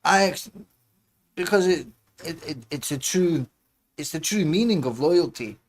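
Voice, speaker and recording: A man's voice: on the high side, expressive, measured pace. A man hosting a livestream, chatting casually and rambling between musings and muttered asides. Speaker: livestream host.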